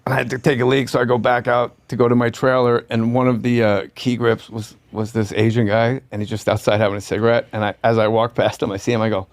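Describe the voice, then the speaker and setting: A man's voice: medium pitch, flat delivery, fast talker, hardly any pauses. A man telling funny anecdotes as a guest on a podcast, laughing through his own stories. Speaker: guest comedian.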